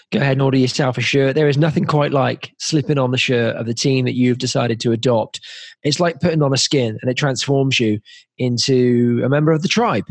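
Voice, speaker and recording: A man's voice: mid-range voice, no room sound. A man co-hosting a podcast, giving earnest advice with a wry edge. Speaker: podcast co-host. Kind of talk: casual podcast chat.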